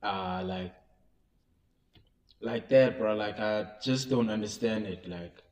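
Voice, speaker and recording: Give me a man reacting to clips in relaxed, slangy chat. His voice is fairly low, and "bro" and "like" come up constantly. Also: slow. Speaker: reaction commentator.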